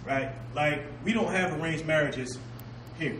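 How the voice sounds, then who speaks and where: A man's voice: a little high, unhurried. A man teaching an informal class, talking loosely with street slang and some scripture quotes, recorded from across the room. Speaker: civic class speaker. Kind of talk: informal lecture to a small class. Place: indoor meeting room. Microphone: distant camera mic. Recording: echoey room, far from the mic, noisy.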